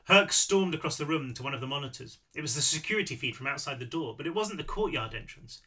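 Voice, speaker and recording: A man reads his own novel aloud in lively storytelling mode, now and then correcting himself. His voice is very bright and taut, pitched slightly high. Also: quick pace. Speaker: author reading his novel. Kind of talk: read-aloud narration.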